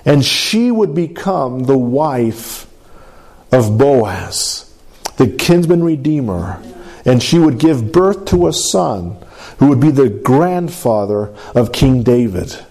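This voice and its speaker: Mellow-voiced man preaching a sermon. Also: very animated. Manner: preaching with call-and-response, asking for amens; swings from high emphatic to low drawn-out delivery. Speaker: pastor.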